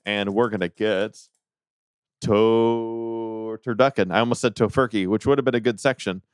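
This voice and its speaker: A man hosting a casual podcast trivia game, hesitant with many fillers and quick to laugh. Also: fairly low pitch, fairly even intonation, clean tone, no echo, clean studio sound.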